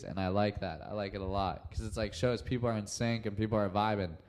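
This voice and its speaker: A man's voice: on the low side, fast talker, hardly any pauses, clean tone. A young man hosting his own podcast alone, chatting casually and rambling with lots of "um" and "like.". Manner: rambling, relaxed, heavy on fillers like "um" and "like". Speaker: podcast host. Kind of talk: casual solo podcast chat.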